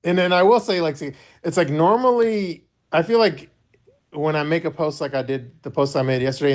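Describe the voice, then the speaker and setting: Rambling, cursing male podcast host. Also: mid-range voice. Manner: rambling, profane, gossipy. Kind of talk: casual chat.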